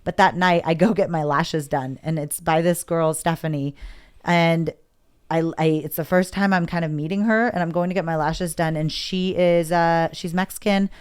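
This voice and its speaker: A woman's voice: fairly low pitch, moderate pace, clear, resonant tone. A woman as a podcast guest, candidly and emotionally telling a personal story, often acting out what others said. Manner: candid, emotional, quotes others in lively voices. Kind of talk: casual interview storytelling.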